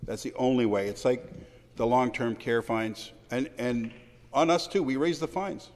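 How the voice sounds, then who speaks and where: A man speaking in a parliamentary debate, personal and anecdotal, with halting restarts. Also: medium pitch. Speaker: legislator answering questions. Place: large legislative chamber. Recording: long reverb of a large hall.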